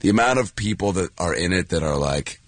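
A man being interviewed as an actor, telling stories in a rambling, animated way with lots of fillers and restarts, acting out what others said. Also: sits low, brisk, no echo. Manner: animated storyteller who acts out quoted voices. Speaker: actor and guest. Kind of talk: casual anecdotal chat.

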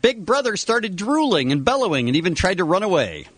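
A man's voice: sits high, sing-song, fairly quick, a bit bright, dry recording. A man co-hosting a radio morning show, reading out a news story and laughing easily. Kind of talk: casual radio banter.

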